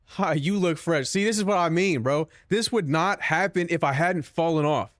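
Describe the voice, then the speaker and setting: A man's voice: fairly high pitch, moderate pace, no echo. Self-mocking young male streamer, dry sound. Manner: self-mocking, profane, joking. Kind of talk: casual chat with viewers.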